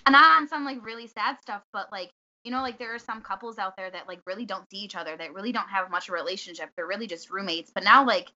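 A woman's voice: medium pitch, fast, bright, forceful tone, dull audio. A woman guest on a podcast, chatting casually with lots of fillers and laughter. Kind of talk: casual chat.

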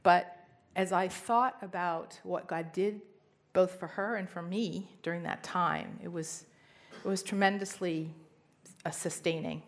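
Gravelly-voiced woman sharing a testimony. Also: lowish voice. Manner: earnest storytelling with emphatic rises. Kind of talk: personal testimony talk.

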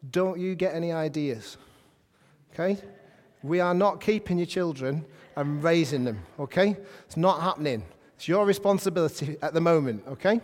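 A man preaching a sermon to a congregation in a lively, conversational way, often putting questions to them. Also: high-pitched. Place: church hall. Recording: hall reverb.

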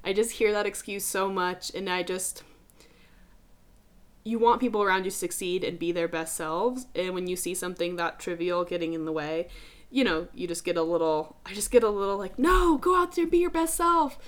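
A woman's voice: fairly low pitch, fairly even intonation, normal speed, smooth. A young adult woman hosting a podcast, talking casually and emphatically, swearing freely and calling listeners dude. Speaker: podcast host. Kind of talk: casual motivational podcast talk.

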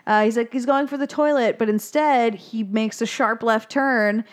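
A young woman co-hosting a podcast, chatting casually as she recaps a film, swearing freely and bursting into high voices for the characters' lines. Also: steady tone, normal speed. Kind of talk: casual chat.

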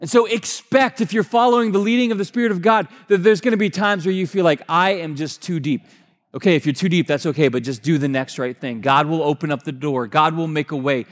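Pastor guy preaching, earnest, fast, voice kinda high, big church reverb. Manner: earnest, emphatic preaching, rises in pitch for stress; fast-paced delivery. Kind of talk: sermon. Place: church sanctuary. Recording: long reverb of a large hall.

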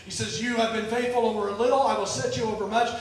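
A man preaching a sermon, telling stories and moving between sudden shouts and quiet drops, often repeating words as he restarts. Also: very high voice, fairly even intonation, fast. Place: church. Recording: echoey hall from far off.

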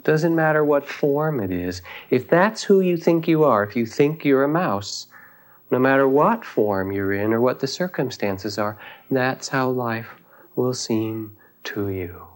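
A man's animated, mid-range voice carries a dharma talk in which, as a meditation teacher, he recounts a teaching story. He takes his time, reflective and pausing thoughtfully along the way.

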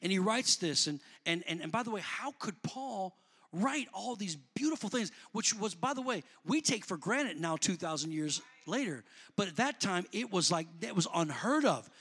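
A man preaching a sermon, talking in a plain, colloquial way to the congregation and rising to shouts before dropping back to easy talk. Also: sits high, sing-song, moderate pace, breathy edge. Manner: builds to shouting, then drops back to conversational.

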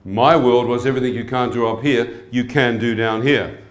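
A New Zealand evangelist delivers an animated sermon testimony, repeatedly tossing questions to the crowd. His medium-pitched voice moves at normal speed and rings through an echoey hall.

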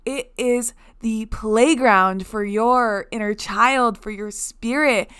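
A woman's voice: fairly high pitch, slow, a bit bright, smooth. A young woman hosting her own podcast, talking casually in a bubbly, effusive way full of gratitude. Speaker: podcast host.

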